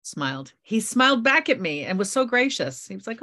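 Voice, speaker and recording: A middle-aged woman, a guest author on a podcast, telling a personal story in an animated, lively way. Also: mid-range voice, a little fast, few pauses.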